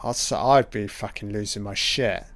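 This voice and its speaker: A man's voice: fairly low pitch, fairly even intonation, moderate pace, a bit bright, no echo. A man giving a casual, sweary live commentary over a film as it plays.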